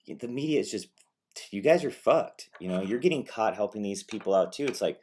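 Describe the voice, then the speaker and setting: A man's voice: low voice, animated, moderate pace, a little mellow. A man giving a casual, profane political rant, sarcastic and rambling, who mocks others in put-on voices. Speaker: political commentary vlogger. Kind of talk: casual ranting commentary.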